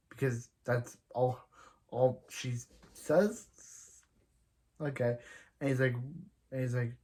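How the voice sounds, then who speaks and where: Guy at an average pitch rambling through an anime recap, lots of restarts, trails off quiet. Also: steady tone, measured pace, pauses often. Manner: rambling, with frequent restarts and "he's like" retellings. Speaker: anime reviewer recapping an episode. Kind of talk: casual spoken recap.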